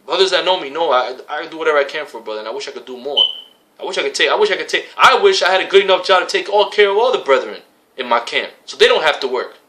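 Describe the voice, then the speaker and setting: Racing along in a fairly high, animated, bright and forceful voice, a religious camp member preaches casually in street slang. Profanity and quoted scripture mix with phrases he repeats for emphasis, and a little hiss or hum can be heard.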